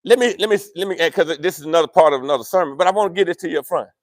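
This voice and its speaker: A male pastor, preaching a sermon in a church with animated, playful asides to the congregation. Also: a little high, rapid-fire, no echo, clean studio sound. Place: church sanctuary.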